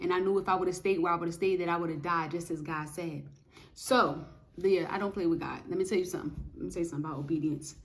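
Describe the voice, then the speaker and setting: A woman giving a casual spoken testimony of faith, telling her story in an animated, emphatic way with lots of repetition. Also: on the low side.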